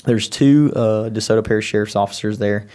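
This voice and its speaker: A man's voice: on the low side, a little fast. Man telling a story. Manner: animated retelling with quoted voices. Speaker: podcast co-host. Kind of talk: casual storytelling.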